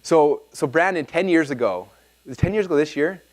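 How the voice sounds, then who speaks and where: A man's voice: on the high side, brisk. A man leading a live workshop seminar, telling stories energetically and checking in with his audience. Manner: energetic, animated storyteller, often checks in with the audience. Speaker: workshop speaker. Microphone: filmed talk.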